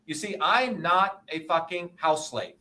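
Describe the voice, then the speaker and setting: Forceful, high-voiced indignant man. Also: a little slow. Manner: profane, emphatic, indignant, keeps checking with "okay?" and "you see?". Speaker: interview guest, presidential candidate. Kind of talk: combative interview talk.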